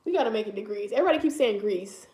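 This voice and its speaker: A woman's voice: mid-range voice, lively intonation, racing, warm tone. A young woman chatting casually and teasing in a travel vlog, laughing often. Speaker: travel vlogger. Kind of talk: casual chat. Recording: echoey room.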